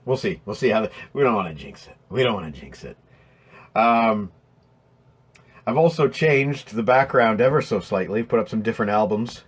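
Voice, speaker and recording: A man's voice: on the low side, lively intonation, normal speed, breathy edge. A man hosting a casual live stream, rambling and swearing as he reads out chat names, his throat strained from voiceover work.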